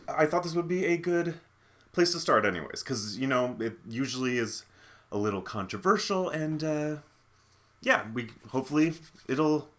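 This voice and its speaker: A man's voice: medium pitch, sharp tone. A man hosting a casual video, reading online posts aloud and giving his opinions in a chatty, rambling way. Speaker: video host.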